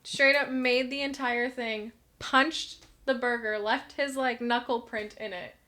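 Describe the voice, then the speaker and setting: A woman's voice: a little high, steady tone, measured pace, pushed and bright. A young woman co-hosting a casual sibling podcast, chatting and telling workplace stories with acted-out quotes. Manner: chatty storyteller, acts out quotes. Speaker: podcast co-host. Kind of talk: casual chat.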